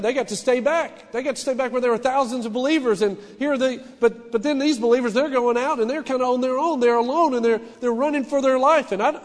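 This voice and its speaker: A middle-aged pastor with a fairly high voice preaches earnestly, stumbling into restarts and lifting his emphasis as he presses a point. His words ring out with a long reverb, as in a large church hall. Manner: earnest, personal, with frequent restarts and rising emphasis. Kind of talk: sermon.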